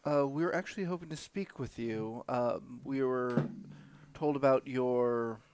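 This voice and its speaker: A man's voice: medium pitch, measured pace, darkish tone, smooth, dry recording. A man playing his character in a tabletop role-playing game, polite and a little hesitant. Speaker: player.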